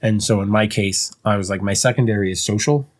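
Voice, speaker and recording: A man's voice: lowish voice, brisk. A man co-hosting a podcast, chatting casually and rambling, with frequent fillers and laughter. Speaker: podcast co-host. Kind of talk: casual chat.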